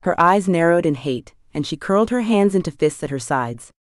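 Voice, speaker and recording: Low-voiced woman narrating an audiobook. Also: lively intonation, normal speed, no echo, studio quality. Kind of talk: first-person fantasy audiobook narration.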